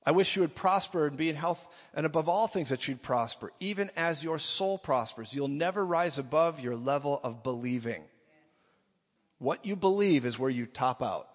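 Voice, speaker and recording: A man preaches with emphatic energy, his voice pitched a little higher than most men's. He slips into mock voices to act out quoted lines. The sound is dull and lo-fi, with a long reverb trailing after his words in a large hall. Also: lively intonation, normal speed. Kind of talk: sermon.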